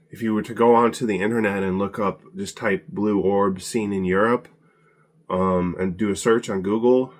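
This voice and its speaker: A man giving a casual spoken presentation, hesitant with many fillers and restarts, slightly out of breath as he gets over an illness. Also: low voice.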